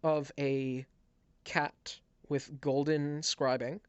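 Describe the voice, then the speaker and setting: A man narrating as game master, describing scenes with halting restarts. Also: on the high side, flat delivery, smooth, dry recording, dull audio. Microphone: headset.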